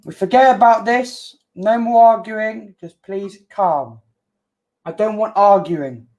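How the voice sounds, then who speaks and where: Speaking slowly in a high voice, this stream co-host is caught in a heated livestream chat. He stays on the defensive, circling back to the same points and repeating "calm down" over and over.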